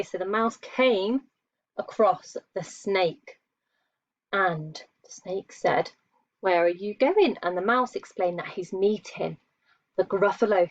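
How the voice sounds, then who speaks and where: In a dull, lo-fi, dry recording, a woman with a mid-range voice works as a primary school teacher. She patiently leads young children through a lesson, drawing as she asks questions and offers praise.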